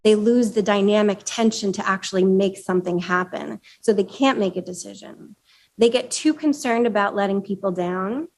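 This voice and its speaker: A woman's voice: medium pitch, moderate pace, darkish tone. A woman giving a live presentation at a chapter meeting, talking conversationally with fillers and putting questions to the audience.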